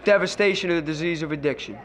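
A man giving personal testimony at a recovery meeting. He tells his story with lively acted-out dialogue and drops to a hush at times. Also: a little high, fast talker, a crowd in the background. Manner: storytelling, acts out quoted voices, swings between loud and hushed.

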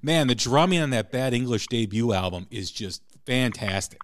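A male podcast host asking rambling questions with the excitement of a fan. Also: medium pitch, moderate pace, slight background noise. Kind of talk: casual interview chat.

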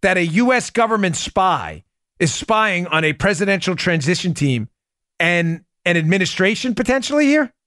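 A man's voice: sits high, lively intonation, normal speed, sharp tone, dry recording, studio quality. A man hosting a political commentary podcast, talking emphatically and combatively, often calling his listeners folks. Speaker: podcast host.

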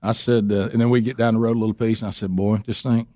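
Teasing radio host, dry studio sound. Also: male voice, lowish voice, quick pace, no room sound. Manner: playful, teasing, animated storyteller who acts out quotes. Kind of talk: casual on-air storytelling chat.

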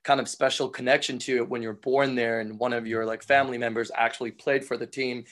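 A man's voice: medium pitch, flat delivery, brisk, fairly bright tone. Easygoing man in his thirties. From England, raised in Sweden. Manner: easygoing, rambling, many fillers. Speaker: former footballer, podcast guest. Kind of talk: casual interview chat.

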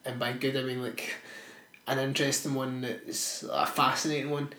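A Scottish man in his twenties trading crude, dark jokes on a podcast. He swears freely and laughs a lot, at an average pitch. The room gives his voice a noticeable echo. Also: little pitch movement, moderate pace. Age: 20s. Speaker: podcast co-host. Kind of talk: casual podcast banter.

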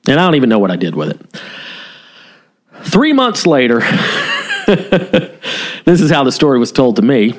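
A man's voice: medium pitch, huge pitch swings, a little slow, pauses often. Profane, candid man telling a story. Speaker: podcast co-host, former police officer. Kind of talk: casual storytelling podcast chat.

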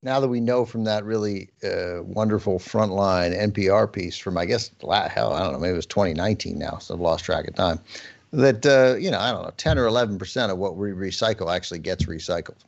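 A man's voice: low voice, a little fast, creaky, lo-fi sound. A man co-hosting a podcast, chatting casually in a rambling, hesitant way with lots of fillers. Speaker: podcast co-host. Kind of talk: casual comedic chat.

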